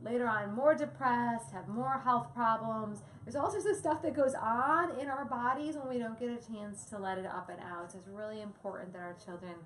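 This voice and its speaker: A woman's voice: on the high side, fairly even intonation, normal speed, few pauses, a bit bright. A woman co-hosting a parenting talk, chatting casually, laughing often and explaining with examples. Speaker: co-host, parenting presenter. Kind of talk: casual educational chat. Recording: echoey room with faint ambient noise.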